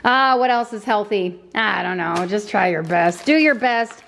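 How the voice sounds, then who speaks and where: A woman's voice: mid-range voice, animated, unhurried, gravelly, a bit bright, a little hiss or hum. A woman in her thirties, a mom chatting casually through a grocery haul, rambling with self-deprecating asides.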